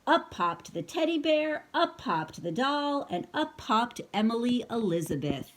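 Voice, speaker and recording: A woman's voice: on the high side, big pitch swings, a little slow, hardly any pauses, slight background noise. A woman reading a picture book aloud to her child, breaking off for chatty asides and playful hiccup noises. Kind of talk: casual storybook read-aloud.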